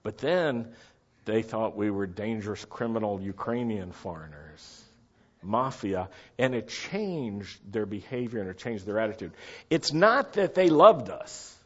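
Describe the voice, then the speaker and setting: Husky-voiced middle-aged man telling stories. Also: fairly low pitch, unhurried. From United States. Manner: animated, chatty, asks listeners to follow along. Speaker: storyteller. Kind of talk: casual anecdotal storytelling. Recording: dull lo-fi recording.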